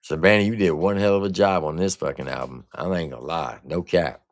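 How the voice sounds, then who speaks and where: A man's voice: low voice, brisk, no echo. A man hosting a casual livestream album review, talking in blunt, profane slang. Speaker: music reviewer and streamer host.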